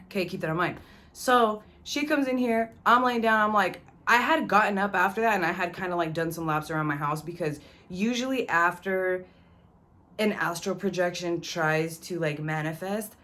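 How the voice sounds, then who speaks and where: A woman's voice: fairly low pitch, normal speed, bright, forceful tone. A young woman vlogger telling a personal story in a casual, slangy way, cursing freely and addressing the viewer directly. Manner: slangy, profane, talks straight to the viewer.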